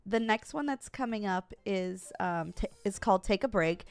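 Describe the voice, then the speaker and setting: A woman's voice: medium pitch, moderate pace, smooth, no room sound. A young woman streamer chatting casually and animatedly with her viewers, laughing often. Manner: giggly, animated, talks straight to chat. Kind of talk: casual livestream chat with viewers.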